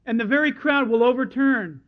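Man, pastor, sermon, animated storytelling, high voice, muffled lo-fi audio. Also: normal speed. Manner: animated storyteller who acts out crowd voices. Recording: dull lo-fi sermon recording.

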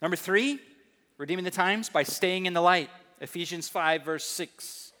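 A middle-aged man preaching as a pastor, telling stories with emphasis and reading scripture slowly and deliberately. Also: high voice, sharp tone, long reverb tail. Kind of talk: sermon.

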